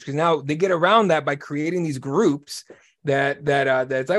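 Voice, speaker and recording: Blunt guy ranting fast, cussing a lot, dry close sound. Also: on the high side, no echo. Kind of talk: casual podcast chat.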